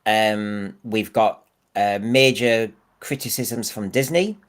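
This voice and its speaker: A man's voice: on the low side, slow. A man co-hosting a podcast, opinionated and fond of rhetorical questions in casual discussion. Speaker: podcast co-host.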